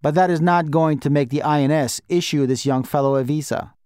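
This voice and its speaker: A man's voice: fairly high pitch, fairly quick, a little mellow, clear, resonant tone, no echo, clean studio sound, lightly acted. A man reading aloud and voicing a middle-aged male embassy official who speaks in a cold, clipped, bureaucratic way. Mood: curt.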